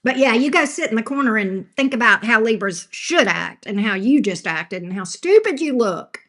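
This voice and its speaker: A woman's voice: fairly high pitch, lively intonation, normal speed, a bit bright. A woman doing a live tarot reading who talks back to chat with sass, scolding troublemakers and laughing often. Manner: sassy, scolding chat trolls, laughs a lot. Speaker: tarot reader.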